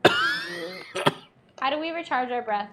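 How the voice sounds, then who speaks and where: A woman's voice: high-pitched, huge pitch swings, takes it slowly, heavy background noise. A woman playing a tabletop game, chatting casually and joking playfully with the table. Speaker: player.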